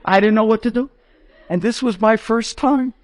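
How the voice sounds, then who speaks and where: A rabbi telling a story dramatically, building to high, excited outbursts. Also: male voice, normal speed, dry recording. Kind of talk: animated storytelling to an audience.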